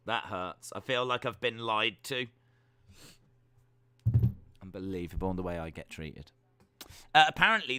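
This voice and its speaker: A man's voice: fairly low pitch, bright, forceful tone, smooth, no echo. A young man hosting a casual watch-along stream, reading chat messages aloud with playful, teasing, self-mocking banter.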